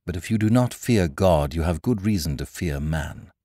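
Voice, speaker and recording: A man voicing a grave, pious clergyman who speaks quietly and sternly. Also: low voice, lively intonation, moderate pace, no echo, studio quality.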